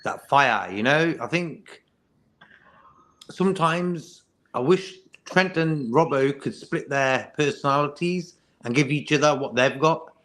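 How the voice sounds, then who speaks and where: A man's voice: a little high, a little slow, fairly bright tone. A man co-hosting a casual fan chat, easygoing, and given to homely comparisons. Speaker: regular co-host.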